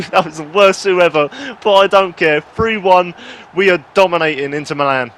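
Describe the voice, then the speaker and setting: Excitable man calling a football game. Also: high voice, moderate pace, a little hiss or hum. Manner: excitable, rising to shouts on goals, self-mocking asides. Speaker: gaming YouTuber. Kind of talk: play-by-play commentary over a football video game.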